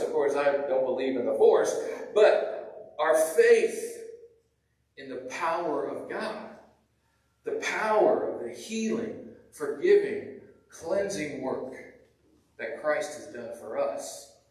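Higher-voiced preacher, echoey and distant. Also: male voice. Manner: conversational, with restarts and repeated words. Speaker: pastor. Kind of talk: sermon. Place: church sanctuary. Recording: echoey church from far off.

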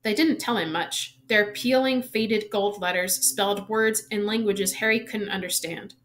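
A woman reading a novel aloud, expressive, lifting her voice for suspense and dropping softly at the ends of sentences. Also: mid-range voice, a little slow. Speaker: reader.

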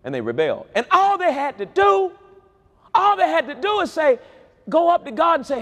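A man preaching a sermon at a large convention, with an animated delivery that swings between loud high calls and low quiet asides. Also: moderate pace. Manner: animated preaching with wide swings in pitch and loudness. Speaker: pastor.

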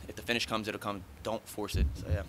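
Recorded against a noisy background, this fighter in his thirties speaks in a lowish, level voice at his post-fight press conference. His casual answers come fast and blunt, full of chatter and profanity.

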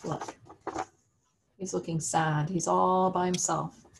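A woman's voice: lowish voice, flat delivery, takes it slowly, gravelly, noisy background. An American woman in her role as a religious education teacher, reading a story to children. She tells it expressively and keeps stopping to ask her listeners how they would feel.

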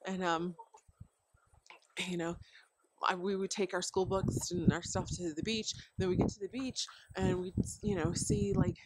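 Outdoors at home beside a deck with chickens, a homeschooling mom vlogs casual parenting advice to the camera, rambling with plenty of fillers and frequent chuckles. Her voice sits on the low side with fairly even intonation and a slightly slow pace. The background is noisy.

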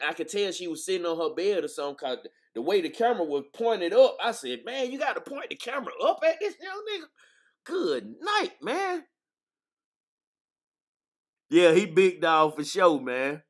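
A man hosting a casual livestream chat, laid-back and laughing easily, ending his lines with "man". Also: fairly high pitch. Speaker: host.

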